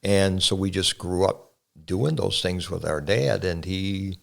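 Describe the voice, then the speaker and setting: Older guy, very deep and gravelly, earnest, reminiscing about the old days. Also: unhurried. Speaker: pastor and guest. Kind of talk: casual family conversation.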